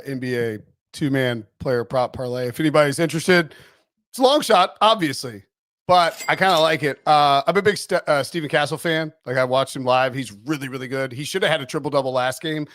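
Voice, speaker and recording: A man giving casual sports betting picks, rambling and animated with laughing asides. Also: medium pitch, no echo, clean studio sound. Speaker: NFL betting analyst.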